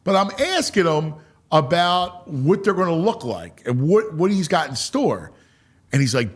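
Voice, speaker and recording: A man hosting a sports talk show, telling a story in a lively, animated way. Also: fairly high pitch, a little slow. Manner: animated storyteller, acts out quotes. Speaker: sports radio host.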